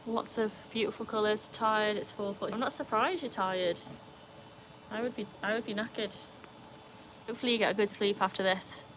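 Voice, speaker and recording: A Welsh woman hosts a relaxed outdoor livestream beside a pool, reading viewers' comments off a phone and answering them in a chatty way. Her mid-range voice moves fairly quickly, with background noise audible.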